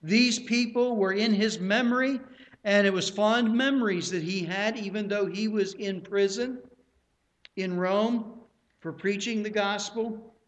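A man's voice: high-pitched, a little slow, a bit bright. A man preaching a sermon in a plain, earnest teaching manner, often repeating himself.

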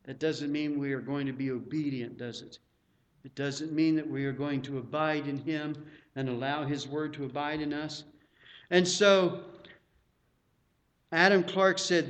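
Emphatic preacher man, fairly high voice. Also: a little slow. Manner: emphatic, repeats words for stress. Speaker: pastor. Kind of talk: sermon.

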